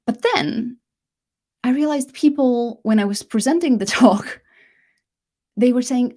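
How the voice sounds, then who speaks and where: A middle-aged woman hosting a live online masterclass, talking casually and correcting herself as she goes, with lively emphasis. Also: on the high side, normal speed.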